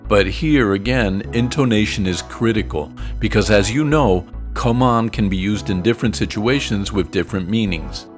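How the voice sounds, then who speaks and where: Low-voiced American man teaching phrases. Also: faint music behind. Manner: slow, clear explanations with joking asides. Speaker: English teacher. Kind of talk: explanatory lesson narration.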